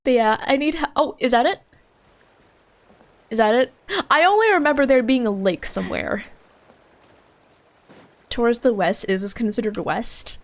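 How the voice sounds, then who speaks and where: A young woman streaming a game, chatting casually in an excitable, chatty way and laughing often. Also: fairly high pitch, normal speed, long pauses. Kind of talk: casual gaming stream chat.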